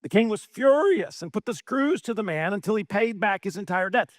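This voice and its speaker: A middle-aged man preaching a sermon as a pastor, animated, asking many rhetorical questions and acting out quoted voices. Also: sits high, brisk, no echo, clean studio sound.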